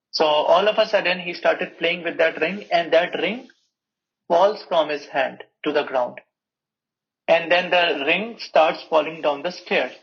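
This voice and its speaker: A man teaching a scripture class, telling a story with lively voiced quotes. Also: a little high. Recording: muffled lo-fi recording.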